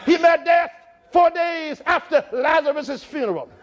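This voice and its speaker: A man with a very high voice preaches in a church. He speaks in rhythmic, repeated phrases and climbs from low, thoughtful passages to full shouts. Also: unhurried, muffled recording, a faint crowd. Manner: rhythmic, building to shouted climaxes. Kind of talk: sermon.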